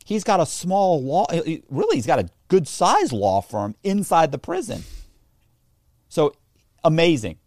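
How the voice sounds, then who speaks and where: A man's voice: fairly high pitch, a little slow, no room sound. Rambling man telling a story, dry sound. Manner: rambling, frequent restarts and self-corrections; animated anecdote-telling, mimics others in dialogue. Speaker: interview guest. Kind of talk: casual storytelling.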